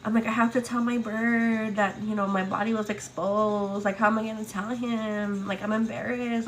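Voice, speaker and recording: A young woman hosting a morning livestream, telling a personal story in casual chat, full of "like" and "girl", acting out quotes in a higher voice. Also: normal speed, few pauses, slight background noise. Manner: chatty, many fillers, acts out quotes with high excited pitch. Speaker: livestream host.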